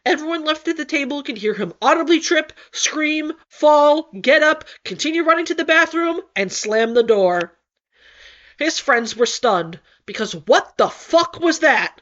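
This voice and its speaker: A woman with a fairly high voice narrates a fan-written story as an audiobook, lively and comic in her delivery. The recording sounds dull and lo-fi. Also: moderate pace. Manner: expressive, comic. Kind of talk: audiobook fanfic reading.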